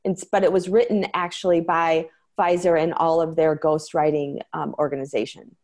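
A woman guest in an interview, talking earnestly and quickly, with frequent fillers and restarts. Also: sits low, level tone, a little mellow. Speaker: interview guest, medication-transparency advocate. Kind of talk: conversational interview.

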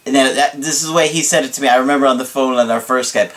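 A man who coaches on dating, talking casually to the camera in an animated way, laughing often and checking in with his listeners. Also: mid-range voice, fast, hardly any pauses.

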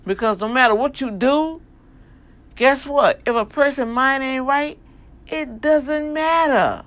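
A woman's voice: sits high, slow, fairly bright tone. Emphatic New Orleans woman vlogging. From New Orleans, US South. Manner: emphatic, rhetorical questions, talks straight to viewers. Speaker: vlogger addressing her online family. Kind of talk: casual preachy monologue.

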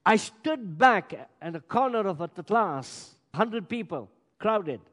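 Male pastor, high tone, emphatic sermon delivery, reverberant church hall. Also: animated, takes it slowly. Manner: emphatic preaching with sudden loud and quiet swings. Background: congregation.

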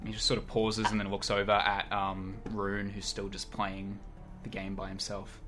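A man's voice: fairly low pitch, completely flat delivery, moderate pace, music in the background. A man narrating a tabletop game as game master over a voice call, in loose, chatty sentences with fillers.

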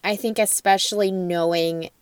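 Low-voiced woman podcaster, casual. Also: moderate pace, clear, resonant tone. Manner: relaxed, reflective, filler-heavy. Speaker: podcast co-host. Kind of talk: casual book discussion.

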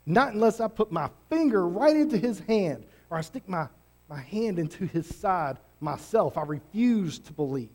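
Stubborn doubting Thomas, voiced by a male preacher in a sermon retelling. He speaks in a flat, unmoved way, refusing point by point, with a fairly high voice. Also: moderate pace.

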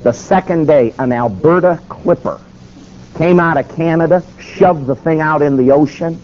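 A man's voice: fairly high pitch, normal speed. A man preaching a sermon, telling a story dramatically and acting out the dialogue. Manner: dramatic, acts out quoted dialogue. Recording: dull lo-fi recording with faint noise.

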